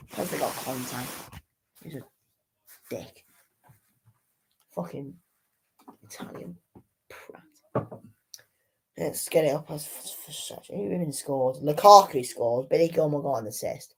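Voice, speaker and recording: A woman with a low, unhurried voice calls a football match live for a watchalong stream. She sounds exasperated, swears often and mutters to herself between plays. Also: lively intonation, low-quality recording. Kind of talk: live match reaction commentary.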